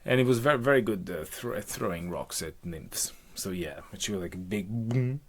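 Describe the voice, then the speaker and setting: A man's voice: lowish voice, lively intonation, normal speed. A man improvising a rambling, profane comic retelling of a myth, with jokey asides. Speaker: comic storyteller.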